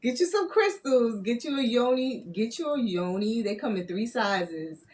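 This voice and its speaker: A woman reading spiritual messages on a live stream, loud and playful, laughing often as she teases her viewers. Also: a little high, animated, normal speed, a little hiss or hum. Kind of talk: casual live-stream chat.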